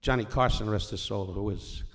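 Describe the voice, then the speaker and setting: An older man with a low, gravelly voice, telling stories from a stage. He rambles and wisecracks, breaking off mid-sentence to start over. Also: normal speed, fairly bright tone, a little hiss or hum. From New York. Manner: rambling, self-interrupting, wisecracking. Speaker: comedian guest. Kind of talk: on-stage storytelling conversation. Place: stage before a live audience.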